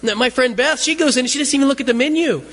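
A man's voice: very high voice, very fast, fairly bright tone. A man giving a sermon as a loose, conversational story, often stumbling over and repeating his words. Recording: long reverb of a large hall.

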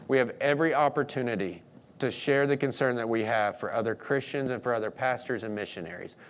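A pastor preaching a sermon in a conversational way, with playful asides. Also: male voice, mid-range voice.

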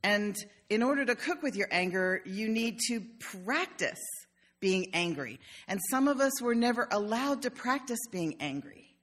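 A woman's voice: fairly high pitch, animated, normal speed. An older woman pastor giving a conversational sermon in a church, telling stories with humor. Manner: warm storytelling with humor.

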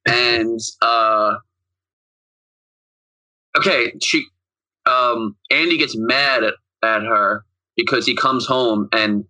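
A man's voice: fairly low pitch, pushed and bright, rough recording. A man co-hosting a podcast, casually recapping a film and retelling its scenes in a rambling way. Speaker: podcast co-host. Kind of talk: casual movie recap chat.

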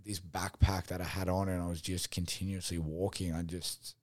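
A man's voice: deep voice, little pitch movement, moderate pace, darkish tone, no room sound. A man in his thirties musing candidly on a solo podcast, rambling with many fillers and swear words. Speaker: podcast host and gym owner. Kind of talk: casual solo podcast reflection.

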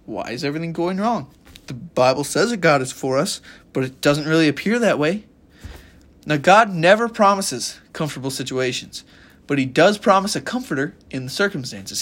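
A man with a fairly high voice gives an informal Bible talk on his podcast. He is earnest and emphatic, rambling now and then with fillers. His pitch lifts and drops a lot as he leans into key points. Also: fairly bright tone. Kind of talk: informal devotional teaching.

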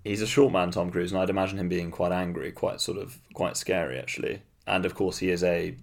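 Deep gravelly man with dry wit. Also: steady tone, a little fast. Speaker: podcast co-host. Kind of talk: casual chat.

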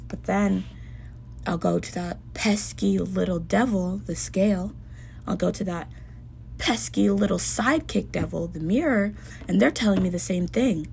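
Earnest young woman with gravelly fry. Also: medium pitch, normal speed, a little hiss or hum. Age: young adult. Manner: earnest, heartfelt self-talk with soft dips. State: emotional. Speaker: podcast host. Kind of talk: personal podcast monologue.

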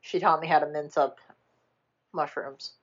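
A woman in casual chat, retelling a film plot in a rambling, animated way, jumping into quick character voices and swearing freely. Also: low-pitched, muffled recording. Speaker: podcast co-host retelling a film.

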